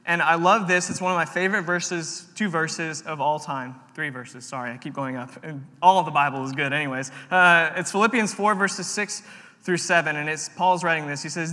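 Earnest young preacher in a reverberant hall. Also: male voice, on the high side, moderate pace, pushed and bright. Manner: earnest, personal storytelling with repeated phrases. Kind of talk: sermon. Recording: long reverb of a large room.

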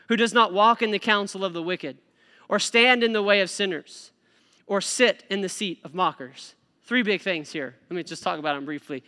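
A man preaching a sermon to a congregation, conversational and joking, with an animated delivery. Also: high voice. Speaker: youth pastor preaching. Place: church sanctuary. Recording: reverberant church hall.

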